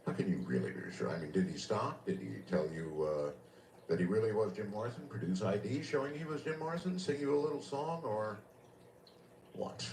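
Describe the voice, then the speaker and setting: Wry lower-voiced man hosting radio calls. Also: animated, normal speed, darkish tone, roomy sound, recorded from a distance, a little hiss or hum. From Nevada. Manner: wry, musing, with rhetorical questions. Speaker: radio talk show host. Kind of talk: taking calls on a late-night radio show.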